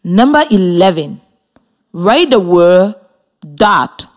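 In a radio studio with students present, a woman from Liberia delivers a slow, scripted lesson for young children, walking through every step. She is very animated, encouraging and crisply articulated, and her voice swoops up and down in a lively sing-song.

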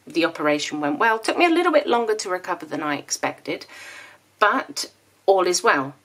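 This is a woman in her thirties talking casually to her viewers, her speech carrying a slight lisp from the aligners she wears. Her voice sits a little on the low side, and she rambles along in a friendly, chatty way, going off on tangents as she talks. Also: very animated, moderate pace, fairly bright tone. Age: 30s. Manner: chatty and rambling, with small laughs. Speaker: planner vlogger. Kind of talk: casual vlog chat.

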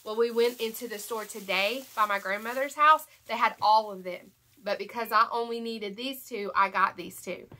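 A young woman with a Southern American accent, congested from allergies, chatting excitedly and rambling through a shopping haul vlog. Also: on the high side, normal speed, few pauses. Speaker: haul vlogger. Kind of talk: casual chat to camera.

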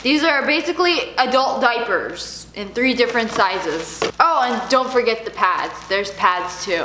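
Young female vlogger, giggly and sarcastic, very animated delivery, echoey room. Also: a little high, normal speed, hardly any pauses, background noise. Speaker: YouTuber. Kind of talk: casual unboxing vlog.

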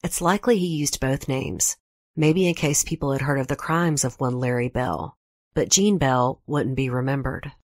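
A woman hosting a true crime podcast, giving a measured scripted narration and reading quotes in her own voice. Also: extremely low pitch, a little mellow, no room sound, clean studio sound.

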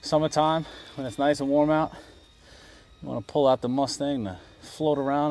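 A man's voice: fairly high pitch, fairly even intonation, normal speed, darkish tone. A man vlogging outdoors as he flies a small RC plane, chatty and self-deprecating. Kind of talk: casual outdoor vlog while flying. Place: outdoors at a flying field and backyard.

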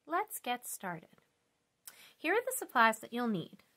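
Brief: woman craft instructor, crisp bright tone, clear step-by-step teaching. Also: fairly high pitch, huge pitch swings, a little slow.

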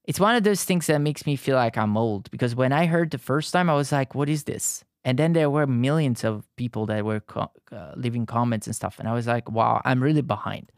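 A streamer from southern Italy speaks English with a heavy Neapolitan accent. They chat easily and talk right to the viewers. The sound is dry and close, with no room echo. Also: medium pitch. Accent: Neapolitan Italian. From Naples, southern Italy. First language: Italian. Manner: chatty, talks straight to the viewers. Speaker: livestreamer. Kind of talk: casual livestream chat.

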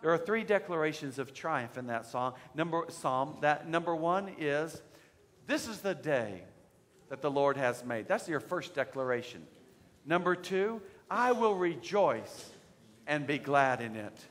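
A man preaching a sermon as pastor, leading call-and-response and building up to shouted declarations. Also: on the high side, expressive, measured pace. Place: church sanctuary. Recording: church hall reverb.

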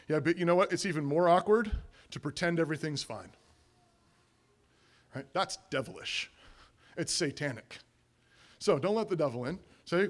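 A pastor preaching a sermon in a conversational way, acting out little family scenes and dropping to a soft hushed voice for the confessions. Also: male voice, on the high side, brisk. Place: church sanctuary.

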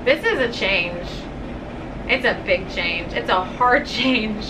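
A woman's voice: mid-range voice, takes it slowly, background noise. A young woman vlogging a casual tour of her small bedroom, candid and rambling, a bit out of breath, filmed on a handheld phone. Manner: chatty and candid, rambling with fillers. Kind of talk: casual vlog room tour.

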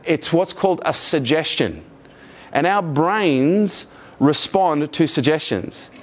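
Speaking slowly, a middle-aged man delivers a motivational keynote to a live crowd, his voice a bit higher than most men's. He's energetic and freely profane, constantly joking and tossing questions to the audience.

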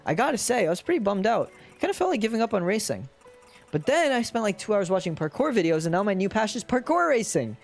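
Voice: medium pitch, sing-song, fast talker, creaky, soft background music. A streamer reading aloud the lines of an eager young animal racer from a cozy game, in a chatty, upbeat way.

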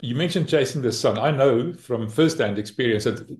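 A man hosting a casual interview, putting conversational questions to his guest. His voice sits at an ordinary pitch for a man. The recording carries a noticeable echo from the room. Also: moderate pace. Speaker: podcast host. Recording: echoey room sound.

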